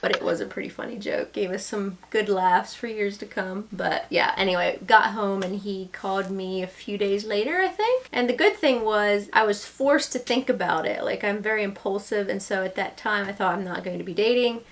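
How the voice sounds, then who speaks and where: A young woman casually telling how she met her husband, animated and laughing often. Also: mid-range voice, normal speed, few pauses. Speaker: vlogger telling their love story.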